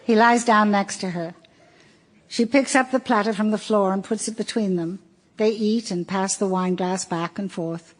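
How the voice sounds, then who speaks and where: A woman's voice: mid-range voice, darkish tone. Woman reading an audiobook wryly. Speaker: audiobook narrator.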